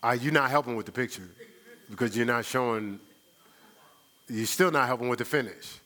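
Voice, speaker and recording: A man's voice: medium pitch, normal speed, sharp tone. A middle-aged man preaching a sermon as pastor, conversational and teasing his congregation.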